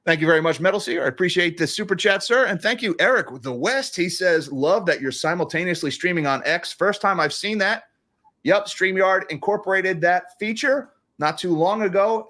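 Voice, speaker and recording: A man's voice: sits high, fairly bright tone. A man hosting a casual livestream about economics, reading super chats with a sarcastic, chuckling manner and frequent restarts.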